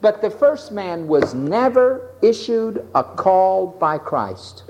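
A male preacher delivers a sermon with dramatic energy. His pitch swings widely from low to high, and he acts out each scene as he goes. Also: sing-song, slow pace, a little mellow.

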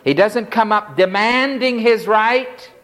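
A man's voice: sits high, slow pace, fairly bright tone. A man preaching an expository sermon with dramatic emphasis, acting out the pleas of the figures in the text. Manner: dramatic, voices the leper's pleas.

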